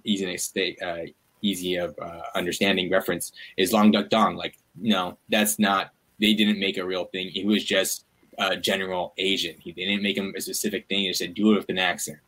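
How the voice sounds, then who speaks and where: A man, a media activist and guest, talking in a casual interview, animated and full of "like" fillers. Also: low voice, moderate pace, low-quality recording.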